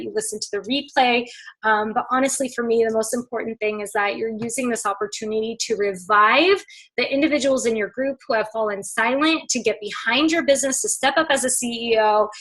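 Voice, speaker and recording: A woman coaching her team on a video call, upbeat and excitable, chatting with lots of fillers. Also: fairly high pitch, a little fast, low-quality recording. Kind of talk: casual pep talk on a video call.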